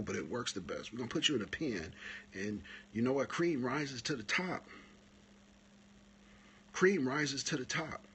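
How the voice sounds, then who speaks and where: A man hosts a live stream, coaching photographers in casual, animated talk, and his voice climbs higher whenever he retells stories. There's a little hiss or hum in the audio.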